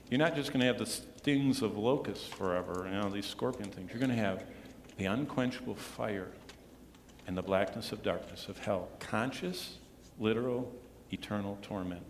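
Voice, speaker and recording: A man preaching a sermon as pastor, earnest, often dropping to a hushed tone to stress a point. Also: medium pitch, a little hiss or hum. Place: church sanctuary. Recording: echoey church hall with long reverb.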